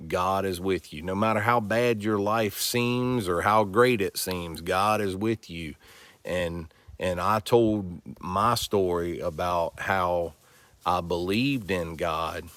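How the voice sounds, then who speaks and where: A man's voice: sits low, fairly bright tone, dry recording. A man talking casually and from the heart to his viewers, rambling and repeating himself. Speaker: family vlog host. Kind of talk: casual vlog talk.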